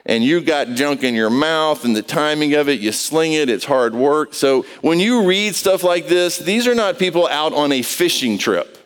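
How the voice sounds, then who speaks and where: A male pastor with a smooth, resonant, fairly high voice gives a relaxed, story-driven, conversational sermon at a moderate pace with hardly any pauses. He keeps asking the congregation questions, and his words echo with the long reverb of a large hall.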